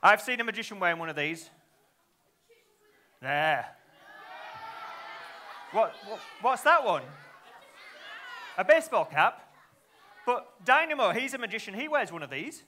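High bouncy guy doing a kids magic show, bright voice, faint crowd of kids in back. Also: sing-song, a little slow, pauses often, a little hiss or hum. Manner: playful, teasing, asks the audience lots of questions. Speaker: children's magician. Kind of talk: live kids' show patter. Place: live show in front of children.

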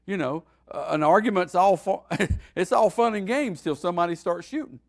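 A man, a pastor, teaching a Bible study in a folksy, animated preaching style that swings between loud and quiet. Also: sits high, normal speed.

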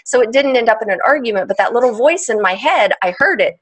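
A woman, a trauma specialist explaining ideas as a podcast guest, animated and laughing often. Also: fairly high pitch, quick pace. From United States. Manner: animated, laughs often, acts out inner voices.

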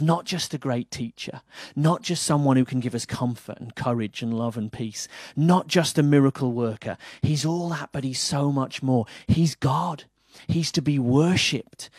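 A man with an English accent preaching a sermon, earnest, moving between firm emphasis and soft quiet lines. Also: mid-range voice, dry recording. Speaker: pastor.

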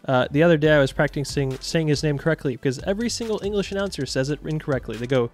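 A young man giving jokey, excitable commentary over his own video game match, yelling at the big moments. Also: a little high, very fast, few pauses, faint music behind. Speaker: gaming YouTuber. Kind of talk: live gameplay commentary.

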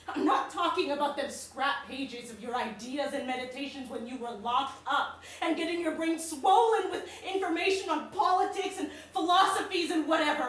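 A woman's voice: sits high, fairly bright tone, a little hiss or hum. A woman performing a stage monologue as a bitter, grieving person hurling angry, profane accusations. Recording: very echoey stage sound from far off.

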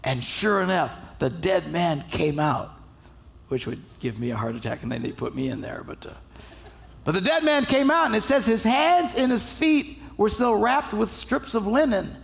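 A male pastor delivering a sermon, telling stories in a lively, humorous way and acting out the people in them. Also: sits high, normal speed, gravelly. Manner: animated, humorous storytelling with acted-out voices.

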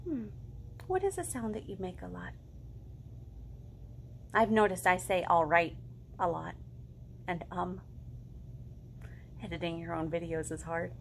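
Animated children's librarian woman. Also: lowish voice, a little slow, vocal fry, long pauses, slight background noise. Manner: animated, sing-song, with sudden hushed whispers and animal sounds. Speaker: children's librarian leading storytime. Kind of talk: storytime reading and singing for young children.

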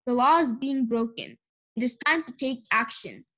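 A woman's voice: fairly high pitch, animated, moderate pace, a bit bright. A woman voicing a formal male police officer in a storybook, who asks himself questions and answers them. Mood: deliberate.

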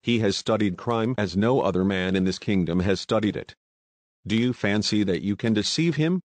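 A man voicing an excitable Russian male conspirator, speaking with urgent reproach. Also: lowish voice, normal speed, no room sound, lightly acted. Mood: doubtful.

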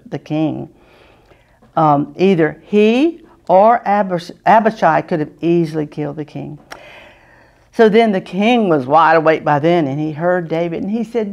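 A woman with a fairly low-pitched, darkish voice teaches a children's Sunday school lesson. She patiently asks the kids questions and often clears her throat.

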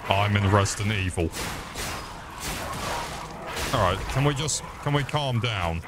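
Low-voiced man mocking a game. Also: lively intonation, measured pace, heavy background noise. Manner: crude, mocking, jokey. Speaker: streamer. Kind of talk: crude comic gameplay commentary.

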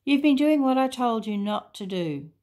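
Woman putting on a gentle wise giraffe. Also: fairly high pitch, animated, moderate pace, voice pushed up, lightly acted. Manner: gentle, teacherly.

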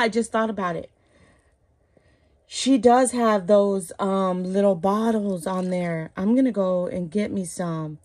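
In a medium-pitched, darkish voice, a woman films a relaxed vlog at home, bathing her dolls. The reborn doll collector gushes and coos throughout, with "oh my goodness" coming up over and over.

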